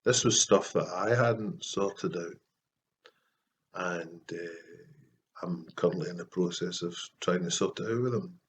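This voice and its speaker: A Scottish man talking earnestly and softly to camera in a casual, heartfelt vlog, pausing often. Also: sits low. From Scotland. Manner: soft-spoken and earnest, with frequent pauses and fillers. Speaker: Christian artist vlogger.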